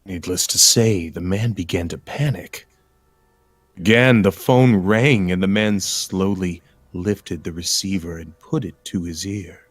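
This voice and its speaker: A man reading a scary story aloud to a livestream, in a slow, hushed way. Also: deep voice, no room sound. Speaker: stream guest.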